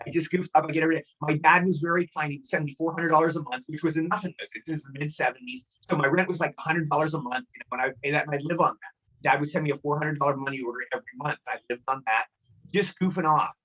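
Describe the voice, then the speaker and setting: Fast-talking husky older man. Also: on the high side, fairly even intonation, sharp tone. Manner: rambling anecdotes, repeats himself. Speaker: guest actor. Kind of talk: casual storytelling interview.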